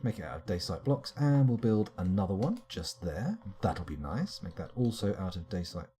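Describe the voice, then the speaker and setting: A man's voice: low voice, very animated, moderate pace, mellow, slight background noise. Rambling man muttering over a game. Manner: rambling, muttering to himself, wry asides. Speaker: streamer. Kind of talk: live game commentary.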